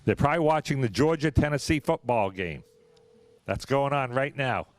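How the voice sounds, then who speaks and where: A man hosting a live charity raffle drawing at a car museum, folksy and chatty, spelling names out slowly. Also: medium pitch, animated, no room sound. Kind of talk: live event announcing. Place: car museum event hall.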